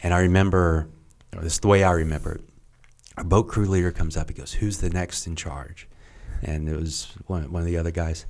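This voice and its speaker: A middle-aged man, a retired Navy SEAL guest on a podcast, telling training stories casually, halting and restarting often. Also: sits low, little pitch movement, a little mellow. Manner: halting, with many restarts and acted quotes. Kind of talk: casual storytelling.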